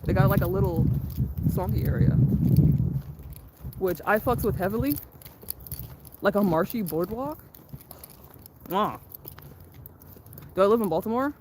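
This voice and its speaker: A woman's voice: mid-range voice, animated, a little slow, pauses often. A young woman live-streaming while she walks outdoors in the sun, chatting casually with her viewers on her phone. She curses a lot, laughs often and reads the chat aloud. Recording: loud outdoor background noise. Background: loud outdoor noise.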